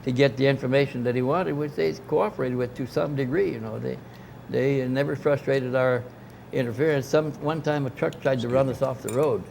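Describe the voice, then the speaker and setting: A man's voice: mid-range voice, fairly even intonation, fairly quick, vocal fry, hardly any pauses, darkish tone, a little hiss or hum. An older man, a guest at a club gathering, telling a long anecdote in casual conversation, with many restarts and asides. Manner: rambling, anecdotal, frequent restarts. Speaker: interview guest. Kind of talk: casual storytelling. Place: club dining room.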